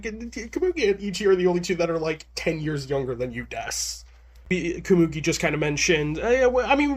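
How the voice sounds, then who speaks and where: A man giving a casual manga chapter review. He sounds nervous and stammers often, with many restarts, but stays chatty and laughs a lot. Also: on the high side.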